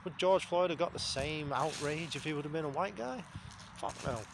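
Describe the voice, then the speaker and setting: A man's voice: a little high, normal speed, gravelly, noisy background. A man, talking to camera in a blunt, rambling, sweary monologue. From England. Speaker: vlogger. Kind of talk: casual spoken monologue.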